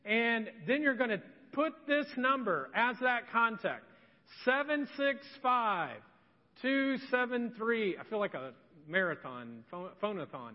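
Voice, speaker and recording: High-voiced man joking through a sermon. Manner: joking, chatty, upbeat. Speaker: pastor. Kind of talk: conversational sermon. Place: church sanctuary. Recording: lo-fi with long hall reverb.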